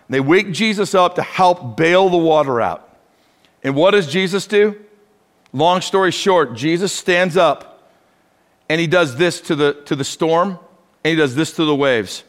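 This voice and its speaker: A man preaching a sermon as pastor, animated and acting out the dialogue he quotes. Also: sits high, moderate pace. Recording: long hall reverb.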